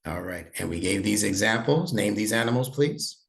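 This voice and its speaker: A man's voice: lowish voice, animated, moderate pace, vocal fry. A man teaching an online lesson over a video call, patient and encouraging, praising his student often. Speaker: instructor.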